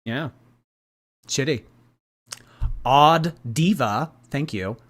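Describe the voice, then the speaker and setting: A man's voice: mid-range voice, lively intonation, extremely slow, a bit bright. A man hosting a casual livestream, reading and answering viewer chat in a gossipy way and laughing often.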